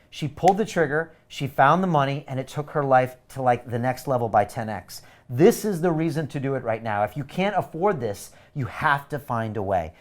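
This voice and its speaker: In a live webinar, a middle-aged host delivers a high-energy, aggressive sales pitch. He leans heavily on catchphrases he repeats again and again.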